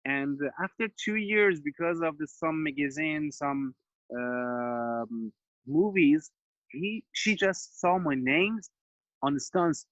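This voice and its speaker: Iranian stuntman telling animated stories. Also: on the high side, slow, no echo, muffled recording. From Iran. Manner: animated storyteller, acts out quoted voices, non-native phrasing. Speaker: stuntman guest. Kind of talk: casual storytelling interview.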